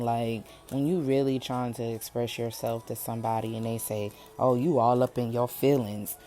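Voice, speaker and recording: A woman with a strikingly deep, low voice talks straight to her listeners in a casual motivational monologue. She is candid and a little preachy, and she often repeats herself for emphasis. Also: warm tone. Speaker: podcast host.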